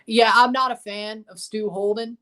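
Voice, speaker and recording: A man's voice: sits high, flat delivery, normal speed, bright, forceful tone. A man hosting a livestream watchalong, reacting to a soccer match and answering chat in a blunt, opinionated way that circles back over the same points. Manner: opinionated, blunt, repeats himself. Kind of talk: casual live match reaction and chat replies.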